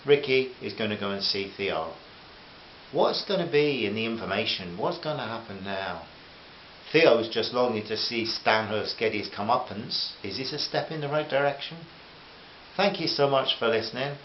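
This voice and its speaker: Male author-narrator, gentle and chatty, roomy dull recording with hiss. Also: lowish voice. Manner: gentle, chatty asides to listeners. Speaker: author reading his own novel. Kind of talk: audiobook narration with character voices.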